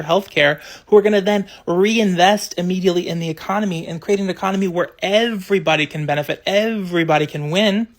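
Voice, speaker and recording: Impassioned speaker repeating words for emphasis. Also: medium pitch. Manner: rhetorical questions with sarcastic asides. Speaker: social media commentator. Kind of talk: direct-to-camera opinion monologue.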